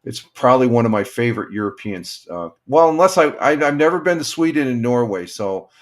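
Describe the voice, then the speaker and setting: An older man from upstate New York hosts a live stream, chatting casually and reading viewer comments in a rambling, halting manner. His mid-range voice is expressive.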